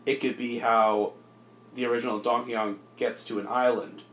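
A man co-hosting a casual comedy podcast, rambling through a movie pitch with lots of fillers. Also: little pitch movement, moderate pace, a bit bright, a little hiss or hum. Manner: rambling, filler-heavy, jumps into silly voices. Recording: echoey room.

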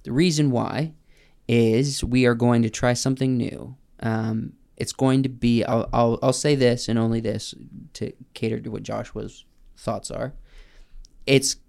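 A young man co-hosts a casual podcast, his voice carrying a gravelly edge. He rambles through announcements, cuts in on his friends and laughs easily. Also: medium pitch, steady tone, unhurried, a little mellow. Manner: rambling, laughs often, jumps in over others. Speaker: podcast co-host. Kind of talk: casual chat.

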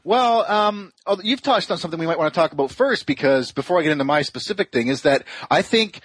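Casting note: male podcast host, slightly high husky voice, dry close sound, rambling storyteller. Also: fast talker, dry recording. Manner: rambling, animated storytelling with restarts. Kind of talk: casual chat.

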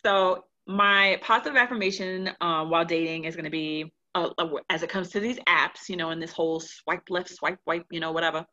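A woman co-hosting a casual podcast chat, loud and animated, dramatic and swearing freely. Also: lowish voice, fairly quick, few pauses, dull audio. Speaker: podcast co-host.

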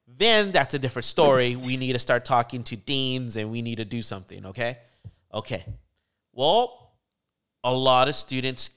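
A man telling a story in casual chat on a podcast, acting out the people he quotes with sudden jumps in his voice. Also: clean tone. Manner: animated storyteller, acts out quotes with pitch jumps.

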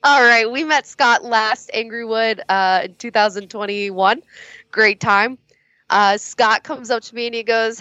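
A woman's voice: fairly high pitch, normal speed, bright, forceful tone, dry recording, lo-fi sound. A woman being interviewed as a guest judge, talking candidly, laughing often and swearing casually.

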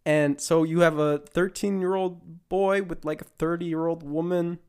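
A man's voice: on the high side, fairly even intonation, a little slow, darkish tone, smooth. A young man co-hosting a podcast, casually retelling a film plot with frequent restarts. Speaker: podcast co-host.

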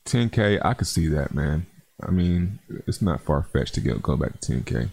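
A man's voice: deep voice, expressive, normal speed, creaky, dark tone, slightly rough. A man hosting a casual crypto livestream, reading viewer comments in a laid-back, chatty way and calling viewers man and bro.

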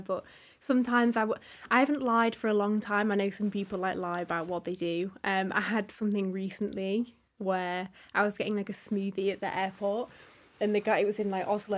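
Young woman, giggly, says like a lot, chill guest chat. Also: mid-range voice. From Cheshire, England. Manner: giggly, self-deprecating, lots of "like". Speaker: guest musician. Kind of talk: casual interview chat.

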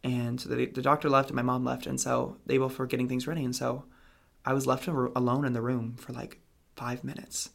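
Gravelly young man telling his story. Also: mid-range voice, little pitch movement, fairly quick, a bit bright. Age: young adult. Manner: rambling, lots of "like" and "um" fillers. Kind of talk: casual personal storytelling.

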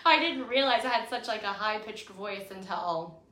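Raspy-voiced bubbly woman podcast host. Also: medium pitch, moderate pace, pushed and bright. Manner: bubbly, chatty, many fillers. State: raspy, worn voice from yelling. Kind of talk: casual live-stream chat. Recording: echoey room.

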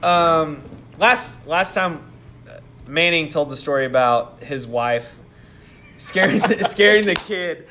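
A man's voice: a little high, slow pace, slight background noise. A man co-hosting a podcast, telling a story in casual chat with lots of laughter. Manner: animated storyteller, laughs often. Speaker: podcast co-host.

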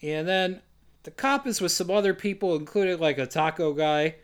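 A man with a notably high speaking voice runs through a movie plot in a loose, joking podcast chat. He drops sarcastic asides and reads the characters' lines in quick goofy voices. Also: clean tone. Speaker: podcast co-host recapping a film. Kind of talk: casual comedic chat.

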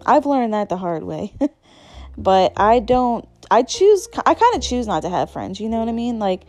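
A woman's voice: on the high side, sing-song, moderate pace, darkish tone, faint music behind. Candid chatty woman podcaster. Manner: chatty, candid, many fillers and restarts. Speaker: podcast host. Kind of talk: casual solo podcast chat.

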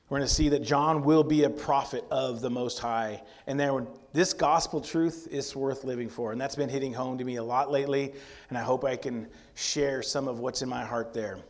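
A man preaching a sermon in a conversational way, retelling scripture with playful asides. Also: on the high side. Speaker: pastor.

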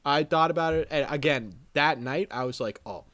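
A young man co-hosting a podcast, talking in an animated, self-deprecating, swearing way. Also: a little high, normal speed, no room sound. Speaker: podcast co-host. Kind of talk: casual podcast banter.

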